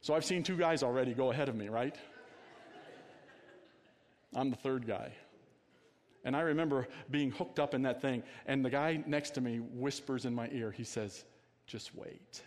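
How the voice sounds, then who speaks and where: A male pastor preaching a sermon in a conversational way, often asking his listeners questions and dropping to a quiet voice for emphasis. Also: medium pitch, normal speed, long pauses, in a large hall.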